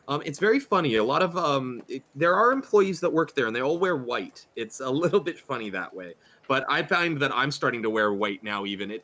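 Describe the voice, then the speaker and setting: A man doing a gushing, excitable churchgoing woman. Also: medium pitch. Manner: breathless, effusive, hesitant with many fillers.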